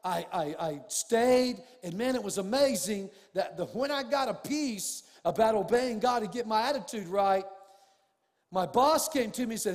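Male pastor preaching, high voice, big echoey church hall, gets loud and emphatic. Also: animated, moderate pace. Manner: storytelling preacher, rising to emphatic shouts. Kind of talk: sermon. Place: church sanctuary. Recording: long reverb of a church hall.

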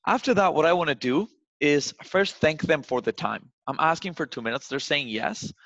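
A man's voice: fairly high pitch, moderate pace, a bit bright, no room sound. A man giving casual sales advice, loose and chatty, tagging his points with "right?". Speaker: sales coach. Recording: dull, dry recording.

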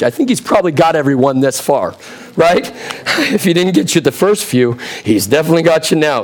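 Pastor guy in his 30s preaching, kinda hoarse, talks straight to the crowd w lots of questions, voice sits a bit high. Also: animated, a little fast, darkish tone. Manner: direct, conversational preaching with rhetorical questions. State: getting hoarse. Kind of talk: sermon.

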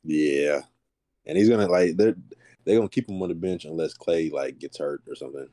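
A man co-hosting a podcast, talking basketball in a laid-back way with drawn-out fillers. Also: extremely low pitch, mellow, no echo, studio quality. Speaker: podcast co-host. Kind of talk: casual sports chat.

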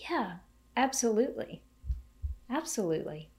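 A woman's voice: fairly high pitch, sing-song, normal speed, darkish tone. A woman co-hosting a podcast, talking in a casual, encouraging way about health and hope. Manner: enthusiastic, encouraging, faith-tinged. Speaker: podcast co-host.

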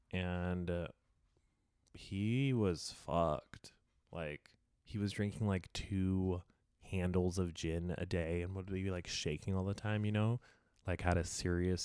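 A man's voice: sits low, a little mellow, clear, resonant tone, dry recording, clean studio sound. A young adult man telling a rambling, blunt, profane story in a casual confessional video diary, full of filler words. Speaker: video diarist.

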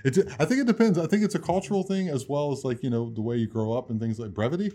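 A man co-hosting a casual podcast chat, joking and teasing his co-host and quick to laugh. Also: mid-range voice, dark tone.

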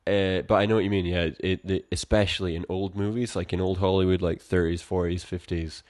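Very deep-voiced young man, easygoing. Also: little pitch movement, a little fast, a little mellow. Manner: easygoing, agreeable, lots of fillers. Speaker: podcast co-host. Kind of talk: casual chat.

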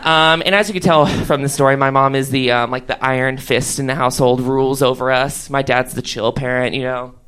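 A young man doing stand-up, telling a long story in a chatty way, full of fillers and animated quoted voices. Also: medium pitch, brisk, few pauses, clear, resonant tone. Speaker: stand-up comedian.

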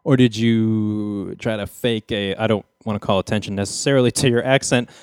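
A man hosting a comedy podcast, interviewing a guest with wry, deadpan banter. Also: lowish voice, brisk, smooth, dry recording. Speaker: podcast host. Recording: dry close studio mic.

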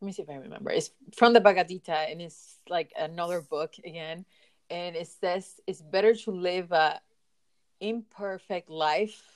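A woman with a foreign accent hosting a casual podcast chat, upbeat and giggly, often trailing off mid-sentence. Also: lowish voice. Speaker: podcast host.

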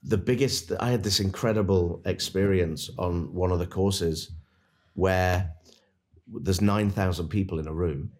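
A man with a very low voice, talking on a podcast as a dentist turned coach. He speaks in an earnest, animated way, like someone used to coaching a room. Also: measured pace. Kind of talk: casual podcast storytelling.

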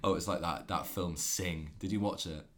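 A man's voice: low voice, fairly even intonation, normal speed, fairly bright tone. A man co-hosting a podcast in casual comedic chat, reading reviews aloud and laughing often. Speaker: podcast co-host.

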